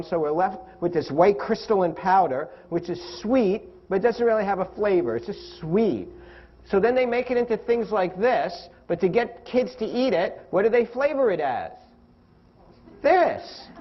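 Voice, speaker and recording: A physician assistant gives a live health lecture with props, keeping it playful and often quizzing the audience. He has a high voice, and the sound is lo-fi.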